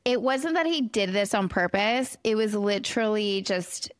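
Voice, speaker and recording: A young woman chats on a podcast, candid and quick to laugh as she tells embarrassing stories. Her voice sits in the middle of the range for a woman. The sound is dry and close, with no room around it. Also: medium pitch, lively intonation, dry recording. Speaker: podcast co-host. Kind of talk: casual chat.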